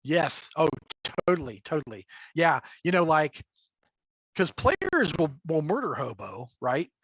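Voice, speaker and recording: A man's voice: on the high side, very animated, a little slow, fairly bright tone, husky. A man talking as a guest game master in a casual livestream chat. He rambles with lots of fillers and chuckles, heard over a remote call mic. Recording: dull lo-fi call audio.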